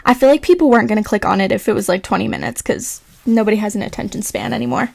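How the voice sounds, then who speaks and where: A young woman with a fairly high voice talks through her makeup routine in a casual, rambling voice-over. She fills her talk with "like" and "um" and pokes fun at herself. The recording is dry and close, with no room sound. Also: very fast, gravelly, darkish tone, no echo. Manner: chatty, rambling, lots of "like" and "um"; self-mocking and offhand. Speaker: beauty vlogger. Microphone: voice-over recorded separately.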